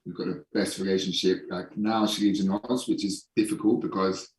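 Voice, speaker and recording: A man in a casual podcast interview, a holistic performance coach who speaks frankly and swears casually, slowing down for emphasis. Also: deep voice, steady tone, far from the mic. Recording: echoey room, voice somewhat off-mic.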